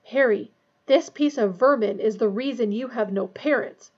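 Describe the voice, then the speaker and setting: Fierce snarling male wizard read by a woman, husky and gravelly, dull lo-fi sound. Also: on the high side, moderate pace, darkish tone, natural voice. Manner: snarling, harsh. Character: adult male wizard, fierce escaped prisoner.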